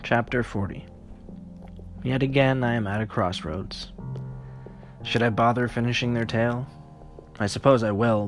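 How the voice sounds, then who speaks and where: A man narrating a horror story in a weary, profane first-person voice. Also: on the low side.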